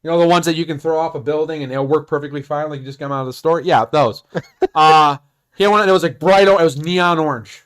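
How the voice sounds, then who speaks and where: Animated laughing man telling a story. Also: fairly high pitch, brisk, clean tone. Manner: animated, laughing, acts out quotes in voices. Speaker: podcast co-host. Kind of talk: casual storytelling chat.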